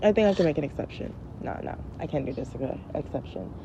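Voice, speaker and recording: A woman in her thirties talking casually and comedically, blunt and profane, often mimicking her children in high voices. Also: animated, fast. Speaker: podcast host. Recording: dull lo-fi sound with faint background noise.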